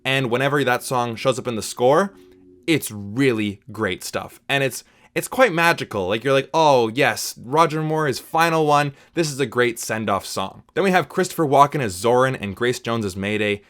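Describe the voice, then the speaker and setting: At a normal speed and a middle pitch, a man chats his way through a film review. The tone is easygoing and conversational, packed with his opinions and regular asides to the viewer.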